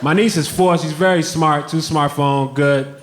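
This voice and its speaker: A stand-up comedian with a dry, high male voice performs a set on a comedy club stage, keeping a steady tone at normal speed. The live recording sounds roomy, with the crowd's laughter audible and slight background noise.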